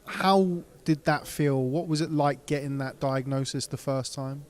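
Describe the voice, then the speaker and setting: Gentle male interviewer, slightly high voice. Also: steady tone, a little slow. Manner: gentle, probing, rephrases questions. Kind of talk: interview questions.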